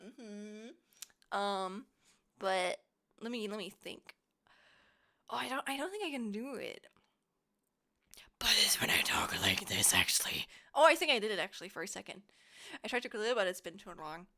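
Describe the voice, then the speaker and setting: A woman's voice: mid-range voice, animated, normal speed, long pauses, a bit bright. A young woman from Germany, chatting casually with viewers on a live stream, giggling often and rambling playfully.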